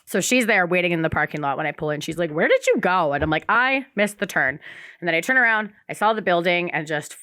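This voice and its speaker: A woman's voice: on the low side, lively intonation, fast talker, pushed and bright, dry recording, studio quality. A young woman on a casual recovery podcast, a candid storyteller who swears freely and acts out the voices of the people in her story.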